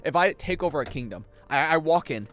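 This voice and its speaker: A man chatting casually and joking with his chat while he plays a game on a livestream, swinging between loud outbursts and mumbled asides. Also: a little high, animated, a little fast, faint music behind. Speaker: game streamer.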